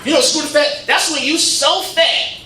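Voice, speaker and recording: A man performing a stand-up comedy set, telling stories in an animated way and slipping into quoted voices of his friends. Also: extremely high pitch, moderate pace, a crowd in the background. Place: legion hall stage, live audience. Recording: echoey hall, captured from a distance, noisy. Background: audience laughter.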